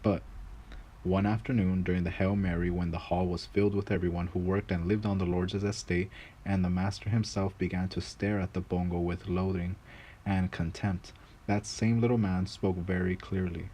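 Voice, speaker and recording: A man narrating a folk tale in a measured, grave reading voice, with a few small restarts. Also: deep voice, flat delivery, warm tone, a little hiss or hum, rough recording. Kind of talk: storybook narration.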